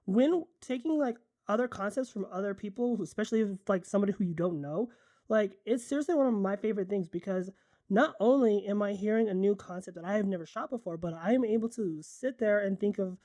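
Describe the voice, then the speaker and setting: A woman's voice: medium pitch, a little fast, warm tone, no echo, studio quality. A woman photographer chatting casually in a vlog, rambling and enthusiastic, often correcting herself mid-sentence. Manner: drinking coffee while talking. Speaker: photographer and content creator.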